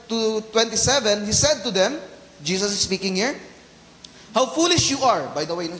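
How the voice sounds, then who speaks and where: A Filipino man preaching a sermon as pastor, mixing English and Tagalog, asking the congregation questions and slowing down to stress key words. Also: high-pitched, a bit bright, a little hiss or hum. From Philippines. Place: church hall. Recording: echoey church hall reverb.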